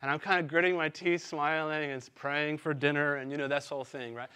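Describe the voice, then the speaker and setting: A male pastor in his thirties with a slightly high voice delivers a conversational sermon. He tells stories about himself with candid, self-deprecating humor, then leans into the teaching and keeps asking the congregation whether they follow. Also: fairly even intonation, fairly quick, sharp tone, clear, resonant tone.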